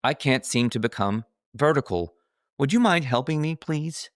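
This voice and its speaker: A man's voice: mid-range voice, expressive, normal speed, no room sound, studio quality, pitched above the performer's own voice, close to an everyday voice. A man voicing a frightened elderly woman who speaks politely and apologetically in a shaky voice. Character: frightened elderly woman stuck floating in a pool.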